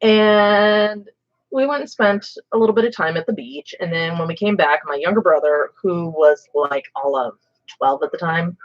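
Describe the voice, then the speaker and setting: A woman hosting a stream, telling a story in a casual, animated way with some swearing. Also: on the low side, moderate pace, muffled recording. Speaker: streamer host. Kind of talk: casual storytelling while painting.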